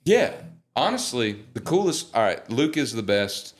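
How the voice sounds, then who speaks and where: A young man, a guest singer, telling animated, joking stories in a casual interview. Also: medium pitch, a little slow.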